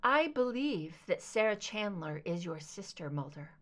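A woman voicing a calm, firm female FBI agent in an audiobook, speaking steadily and low. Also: unhurried. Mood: steady.

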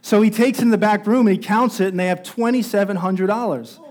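A man's voice: sits high, fairly quick, darkish tone. A man preaching a sermon as pastor, telling a story and growing more intense as it builds. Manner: storytelling, rising intensity at climaxes.

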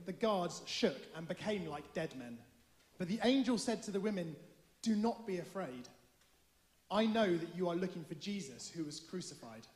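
A man giving a measured, formal Bible reading in church. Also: sits high, darkish tone. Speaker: scripture reader. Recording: echoey hall, long reverb.

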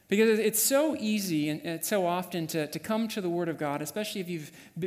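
Guy preaching a sermon, high voice, goes quiet then loud storytelling, lots of reverb from the hall. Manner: vivid storytelling, swings from hushed to loud. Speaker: pastor. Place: church sanctuary.

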